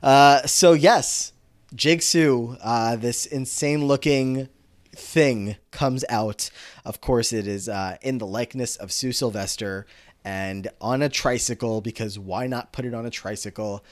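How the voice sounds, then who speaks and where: Animated man recapping a TV episode. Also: medium pitch, measured pace. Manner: animated, quotes characters often. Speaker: podcast host. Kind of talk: casual recap chat.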